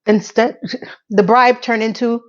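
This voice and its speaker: A woman's voice: on the high side, steady tone, takes it slowly, dull audio. Chatty middle-aged woman recapping TV. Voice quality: candid, chatty, blunt. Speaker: TV recap host. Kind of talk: casual TV recap commentary.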